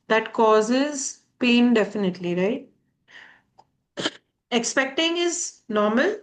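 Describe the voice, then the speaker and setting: Woman, online host, reflective, slightly high voice. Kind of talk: reflective discussion.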